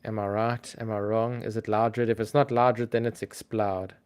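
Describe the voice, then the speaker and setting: A man with a fairly low voice chats casually with his livestream audience. He sounds relaxed and easygoing, often pausing on an um while he thinks. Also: smooth. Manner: relaxed, chatty, frequent ums. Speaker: livestream host.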